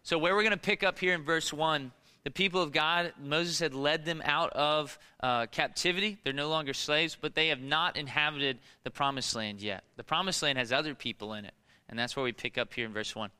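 A man's voice: a little high, fairly quick, bright, forceful tone, clean tone, big-room sound. A man preaching a sermon as pastor, emphatic and asking the congregation rhetorical questions. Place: church.

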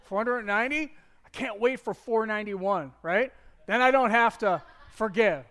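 A man voicing Peter as a joking fisherman, in a lower, quieter, wry tone. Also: normal speed.

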